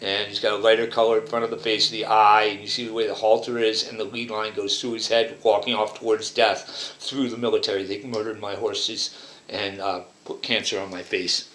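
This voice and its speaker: A man's voice: lowish voice, flat delivery, fairly quick, fairly bright tone, slight background noise. Rambling man in a roomy space. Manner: rambling, repetitive, pointing at details. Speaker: vlogger interpreting images. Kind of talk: rambling monologue. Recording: roomy echo.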